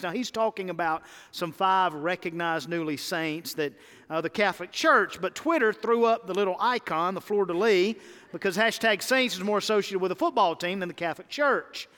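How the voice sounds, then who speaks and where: A man preaching a sermon as pastor, leading his congregation in call-and-response and swinging between emphatic peaks and quiet low lines. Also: big-room sound. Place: church sanctuary.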